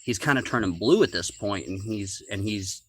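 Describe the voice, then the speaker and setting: A man's voice: lowish voice, expressive, moderate pace, slightly rough, no echo. A man casually telling a long story from his own life on a podcast, rambling with fillers and restarts. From rural United States.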